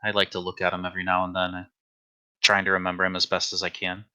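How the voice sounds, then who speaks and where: Brief: man voicing an awkward, grieving young man, fumbling apologies, bright clear tone. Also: deep voice, monotone, fast, no room sound, lo-fi sound. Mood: wistful.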